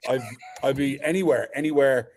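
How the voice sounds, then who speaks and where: A man's voice: mid-range voice, brisk, a little mellow, slight background noise. A man with an Irish accent, a podcast guest, telling stories bluntly and jokingly and swearing freely over a video call. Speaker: guest, former reality-show contestant. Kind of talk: casual storytelling chat.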